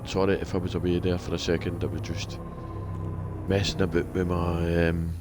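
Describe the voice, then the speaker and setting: A man streaming a space game, chatting excitedly and swearing freely. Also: low voice, moderate pace, over music. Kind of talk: casual live-stream chat.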